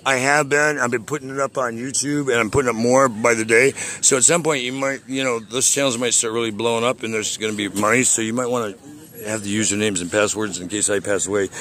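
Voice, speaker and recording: A man's voice: medium pitch, fairly even intonation, fast, fairly bright tone. Furious, foul-mouthed man ranting on a call. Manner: agitated, profane, boastful. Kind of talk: profane angry rant on a call.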